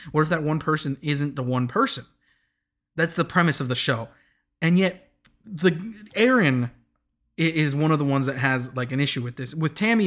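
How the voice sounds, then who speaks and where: A man's voice: fairly high pitch, a bit bright. A young man hosting a casual recap of a dating show, rambling with many "like"s and stammered restarts.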